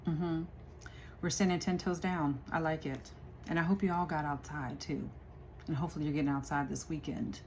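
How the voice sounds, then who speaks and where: Chatty low-voiced woman reading tarot. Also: steady tone, moderate pace, darkish tone, a little hiss or hum. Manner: chatty, laughs often, addresses viewers as y'all. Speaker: tarot reader.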